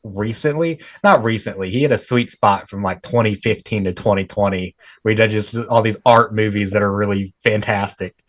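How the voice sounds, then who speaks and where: A man's voice: on the low side, normal speed, few pauses. A male podcast co-host chatting casually, rambling through his points and teasing the others. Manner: rambling, teasing, lots of fillers.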